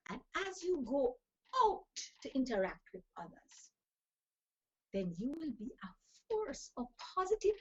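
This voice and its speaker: A woman giving an emphatic, preachy motivational talk full of scripture phrases. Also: high-pitched. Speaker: talk show host and life coach. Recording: dull lo-fi recording.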